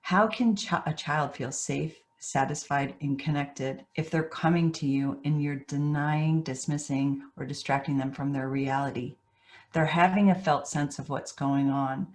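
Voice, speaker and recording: Low-voiced woman leading a staff training. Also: a little slow, a little mellow. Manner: earnest, teaching, acts out quoted voices. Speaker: therapist training educators. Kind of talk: training talk.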